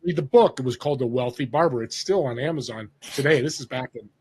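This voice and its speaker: A man's voice: medium pitch, quick pace, slightly rough. A man in his fifties from Northern California, a podcast guest telling a story and acting out the voices of people he quotes. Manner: animated storyteller who acts out quoted voices. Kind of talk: casual storytelling interview.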